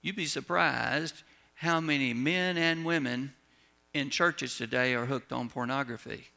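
A man's voice: mid-range voice, measured pace, creaky, sharp tone. A man preaching a sermon as a pastor, telling folksy stories and letting his voice drop at the ends of lines.

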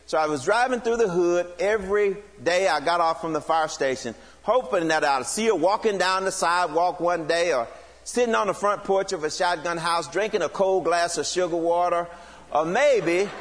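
A man's voice: on the high side, in a large hall. A middle-aged man giving a humorous testimony at church, acting out the voices in his story. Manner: animated, acts out quoted voices.

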